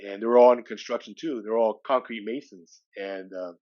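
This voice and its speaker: A man's voice: lowish voice, fairly even intonation, moderate pace, darkish tone, lo-fi sound. A man in his sixties from California, a podcast guest telling a personal story in a loose, conversational way. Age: 60s. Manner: loose, conversational, retells dialogue with "he goes".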